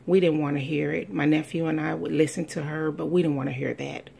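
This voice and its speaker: Low gravelly woman telling a family story. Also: steady tone, a little fast, warm tone. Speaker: speaker sharing a personal testimony. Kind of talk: heartfelt spoken testimony.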